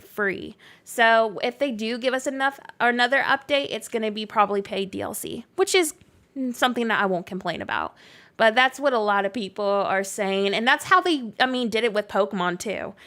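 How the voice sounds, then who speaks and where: A woman's voice: on the high side, fairly bright tone. A woman streamer with a mixed Canadian and Southern US accent, chatting casually while she plays and reads out viewer comments. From near Canada. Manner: chatty, reads chat aloud, frequent likes and laughs. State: recovering from illness. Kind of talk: casual chat while gaming. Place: home.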